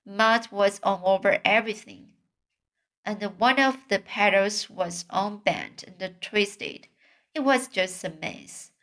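A woman's voice: medium pitch, fairly bright tone. A woman reading a children's storybook aloud and then commenting on it, hesitant and full of fillers when she speaks freely. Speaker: reader.

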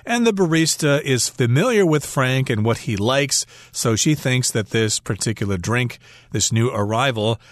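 A man co-hosts a radio English lesson and explains phrases with everyday examples. His voice sits at a middle pitch. The studio sound is dry and close. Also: lively intonation, normal speed, no room sound. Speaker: English teacher co-host.

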